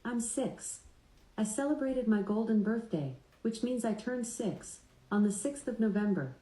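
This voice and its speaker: A man's voice: high voice, lively intonation, measured pace, dark tone, reverberant, pitched above the performer's own voice, rough recording. A man voicing a chirpy, proud six-year-old girl in a comedy skit.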